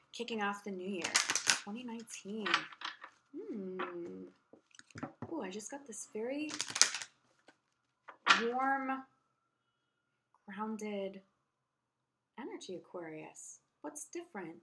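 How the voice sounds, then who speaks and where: A woman's voice: medium pitch, lively intonation, takes it slowly, pauses often, heavy background noise. A woman giving a tarot reading to the camera, spiritual and effusive, speaking straight to the viewer with emphasis. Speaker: tarot reader.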